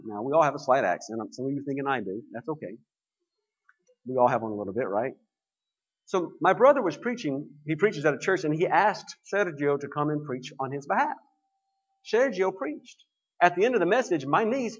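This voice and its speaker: A man's voice: a little high, a bit bright, husky, muffled recording. A man preaching a sermon to his congregation, explaining scripture in a conversational way.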